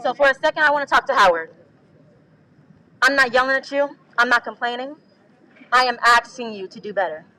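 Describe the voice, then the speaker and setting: A woman's voice: on the high side, fairly quick, pauses often, bright, forceful tone, no room sound, poor audio. A young woman student giving an emphatic, rallying protest speech on a handheld mic at an outdoor gathering. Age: young adult.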